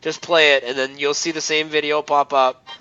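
A man's voice: fairly high pitch, level tone, normal speed, over music. A man co-hosting an internet radio show in casual talk, who laughs easily and fills his speech with uh and um. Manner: laughs while talking, many fillers and restarts. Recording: dull lo-fi sound.

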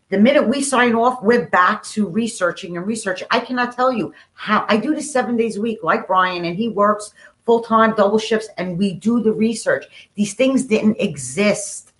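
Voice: medium pitch, fairly bright tone. A co-host on a casual online show, enthusiastic and stammering through restarts.

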